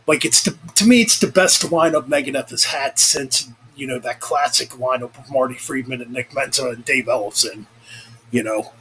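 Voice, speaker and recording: This vlogger, a young man, speaks at normal speed in a bright, forceful, medium-pitched voice. He rambles casually, cursing freely and correcting himself, over a rough recording with slight background noise.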